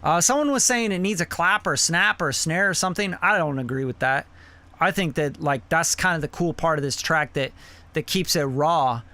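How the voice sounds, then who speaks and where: A man's voice: fairly high pitch, animated, brisk, pushed and bright. A man hosting a live song review, giving blunt, profane mixing feedback in a casual, rambling way. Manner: blunt and profane, with many fillers like "you know".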